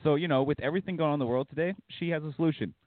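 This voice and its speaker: A man's voice: a little high, very fast, no room sound. A man co-hosting a casual podcast from Canada, joking and swearing, laughing as he reads out headlines. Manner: profane, joking, laughs while reading. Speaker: podcast co-host. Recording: phone-like dry sound.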